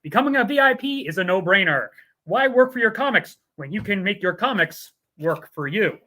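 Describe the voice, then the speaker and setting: A man's voice: high-pitched, lively intonation, a little fast, pushed and bright. A man co-hosting a show, mixing casual chat with joking, playfully scripted ad reads. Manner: jokey, playful. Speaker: co-host.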